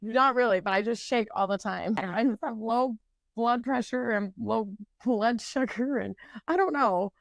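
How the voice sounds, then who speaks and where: A woman's voice: on the high side, a little slow, gravelly, no echo. A woman in her twenties co-hosting a podcast, telling stories animatedly in casual chat and swearing constantly. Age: 20s. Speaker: podcast co-host.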